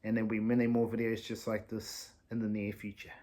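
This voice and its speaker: A man's voice: on the low side, completely flat delivery, fairly quick, mellow. A man hosting a news commentary video, casual and joking. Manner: joking, offhand asides. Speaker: host of a commentary news channel.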